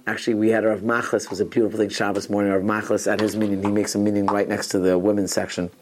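A man's voice: fairly low pitch, darkish tone. A man teaching an informal Torah class to students, telling rambling stories sprinkled with Hebrew and Yiddish terms, often restarting his sentences. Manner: frequent restarts and asides.

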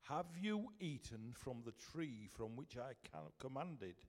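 A man with a Yorkshire accent reading scripture aloud, slowly and deliberately. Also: mid-range voice, very animated, darkish tone. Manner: slow and deliberate. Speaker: scripture reader. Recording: echoey hall from far off.

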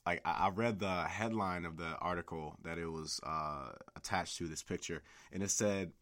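Young man, podcast host, lowish voice, rambling rant, profane, full of fillers. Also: steady tone, normal speed, fairly bright tone. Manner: rambling, profane, heavy use of "like". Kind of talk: casual solo podcast rant.

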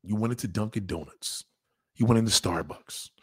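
A man delivering a crude, profane comic rant, animated and acting out the people he talks about. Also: fairly low pitch, normal speed, breathy edge. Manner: profane, animated, acts out voices. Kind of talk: crude stand-up style rant.

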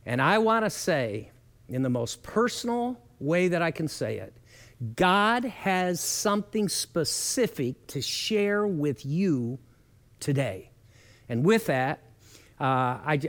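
A middle-aged man preaching a sermon as a pastor, telling stories earnestly with lively rises and falls. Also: measured pace. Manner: earnest storytelling with lively shifts in pitch.

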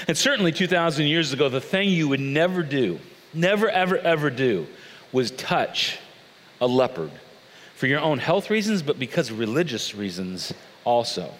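A man preaching a sermon, animated and acting out the people he quotes. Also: normal speed, slight background noise. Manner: animated, acts out quoted voices with big pitch swings. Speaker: pastor. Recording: long hall reverb.

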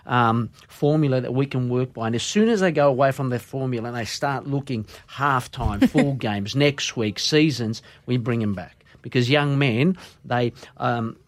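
A man's voice: mid-range voice, moderate pace, hardly any pauses, dry recording. A man with an Australian accent, a junior football coach speaking emphatically and motivationally in a casual radio interview.

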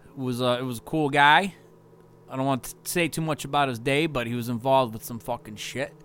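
A man recapping his tour days in a loose, wandering ramble, swearing every few words and filling gaps with "uh" and "like". His voice sits at an ordinary middle pitch, unhurried and offhand. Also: fairly even intonation, a bit bright, clear, resonant tone. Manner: loose, profane, rambling with constant fillers. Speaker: touring musician.

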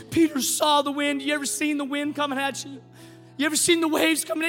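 A middle-aged man, a pastor preaching a sermon in an animated way, moving from quiet storytelling to shouting. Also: extremely high pitch, brisk, long reverb tail, soft background music.

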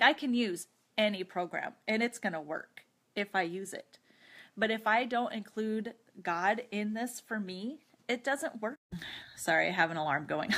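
A woman's voice: mid-range voice, a bit bright. A woman hosting her own podcast, talking openly and earnestly about a personal struggle, with chatty asides and prayer, sounding teary after crying. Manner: earnest, open, chatty with light laughs. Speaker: podcast host. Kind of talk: personal confessional talk with prayer.

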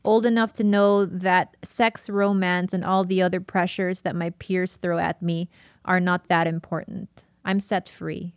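A woman podcast host reading a diary aloud and chatting, emotional and quick to laugh. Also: on the low side, level tone, no room sound, clean studio sound.

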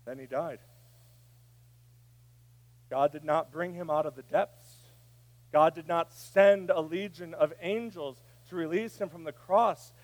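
A man preaching a sermon, dropping to a hush and then rising to a shout. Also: on the high side, unhurried, pauses often. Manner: preaching, swinging from hushed to shouting. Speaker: pastor.

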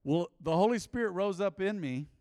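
A man preaching a sermon, telling a personal story with lively acted-out quotes and shifts between loud and quiet delivery. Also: high voice, normal speed, clear, resonant tone. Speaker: pastor. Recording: long hall reverb.

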